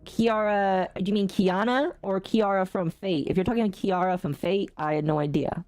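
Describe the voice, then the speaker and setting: A woman streamer rants casually to her live chat. Her voice swings from low mutters to sudden high exclamations. Faint music plays quietly behind her. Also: moderate pace, no room sound. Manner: animated ranting with big pitch jumps and laughter. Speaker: gaming streamer.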